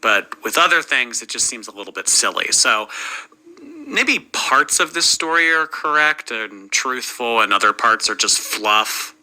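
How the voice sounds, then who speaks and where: A man's voice: medium pitch, animated, unhurried, sharp tone, rough recording. Wry skeptical man giving commentary. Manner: skeptical, wry, picks apart the story. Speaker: commentary host. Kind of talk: reaction commentary.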